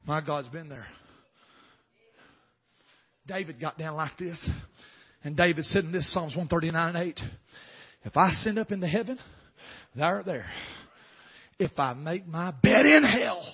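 A man preaching a sermon, swinging from soft murmurs to fervent shouting. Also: a little high, moderate pace, pauses often, breathy edge, muffled recording.

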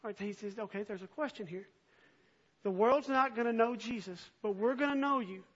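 Male preacher, very high and bright tone, earnest sermon delivery, lo-fi sound. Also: fairly quick, husky. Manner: earnest, swells from soft reading to impassioned near-shouting. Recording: dull lo-fi recording.

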